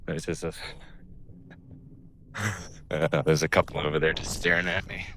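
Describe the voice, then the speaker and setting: A man's voice: extremely low pitch, flat delivery, moderate pace, fairly bright tone, a little hiss or hum. A man vlogging outdoors on a mountain summit, talking casually into a handheld camera, rambling and joking in awe of the view. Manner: awestruck, rambling, jokey. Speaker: travel vlogger. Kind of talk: casual vlog narration.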